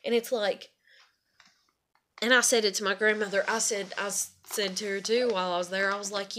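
A young woman vlogs a bitter, frustrated rant about her family, swearing heavily and rambling with lots of repetition. Her mid-range voice has a sharp tone, fairly even intonation, and a moderate pace.

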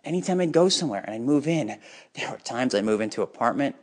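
A man telling his own life story in an unscripted personal monologue, bitter and emotionally charged, halting at times. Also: mid-range voice, expressive.

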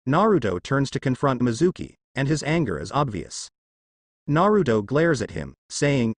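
A man narrating a fan fiction tale with dramatic storytelling. His pitch moves in lively swings. The recording is close and dry. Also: normal speed, no echo.

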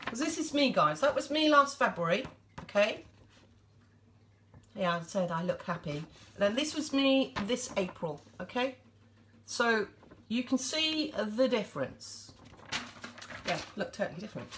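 A woman's voice: on the high side, big pitch swings, a little slow, pauses often, fairly bright tone, a little hiss or hum. A woman chatting casually to viewers on a live stream, addressing them directly as she talks.

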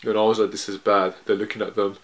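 A man's voice: lowish voice, level tone, quick pace, fairly bright tone. A man casually reading a manga chapter aloud and reacting to it, quoting the characters and laughing often.

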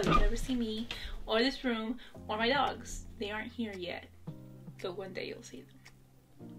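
A woman's voice: mid-range voice, steady tone, moderate pace. Chatty young woman vlogging over music. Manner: chatty, giggly, rambling with asides. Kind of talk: casual chat to camera. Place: bedroom at home. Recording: music playing in the background.

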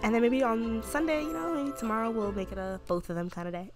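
A woman's voice: fairly high pitch, brisk, music in the background. A woman hosting her gaming channel, chatting casually and gushing about her game character, with lots of "like" fillers. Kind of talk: casual gameplay commentary.

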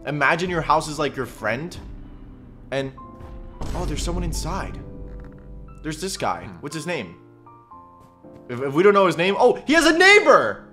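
Man, excitable reaction commentary, slangy, lively swooping voice, pitched a bit high. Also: moderate pace, long pauses, soft background music. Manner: excitable, slangy, laughs often. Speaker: YouTuber reacting to a cartoon.

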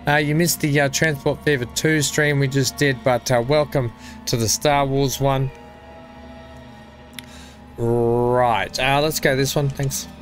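A man chatting casually with his viewers while setting up a game stream. He speaks at an ordinary middle pitch, greets people by name and makes light fun of himself. Faint music plays behind him. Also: fairly even intonation, a little slow. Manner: chatty, self-deprecating, talks to chat by name. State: coughing, something in throat. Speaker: gaming streamer. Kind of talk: casual live-stream chat.

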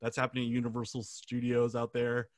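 A man's voice: medium pitch, monotone, brisk, no echo, studio quality. A man hosting a casual gaming podcast, chatty and rambling, laughing easily. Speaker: podcast host. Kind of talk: casual chat.

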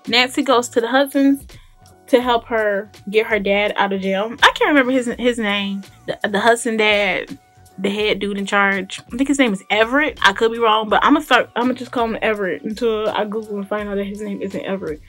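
A chatty woman recaps a TV episode in casual voice-over, opinionated and full of fillers and restarts. Her voice sits at a mid pitch, and soft music plays faintly behind her. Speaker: gaming YouTuber recapping a TV episode.

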